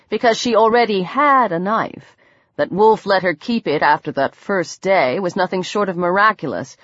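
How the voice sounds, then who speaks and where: A woman's voice: medium pitch, a bit bright, no echo, lo-fi sound. A woman reading a thriller audiobook as narrator, building into tense, dramatic passages. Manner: tense, dramatic reading that rises into fighting cries. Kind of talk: scripted narration.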